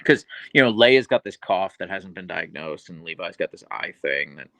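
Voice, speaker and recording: A man with a low, gravelly voice hosts a relaxed livestream and talks easily with his viewers. His pitch swings freely up and down as he answers their comments, and the sound is close and dry with little room echo. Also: normal speed. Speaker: livestream host and dog owner. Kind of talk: casual livestream chat.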